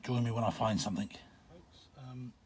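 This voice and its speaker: A man's voice: mid-range voice, moderate pace, darkish tone. A man out of breath, giving casual chatty commentary as he digs in an outdoor pit and films himself with a handheld camera. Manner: chatty, muttered asides, trailing off. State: out of breath from bending. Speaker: vlogger digging an old shelter. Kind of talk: casual commentary while digging. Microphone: handheld camera while digging.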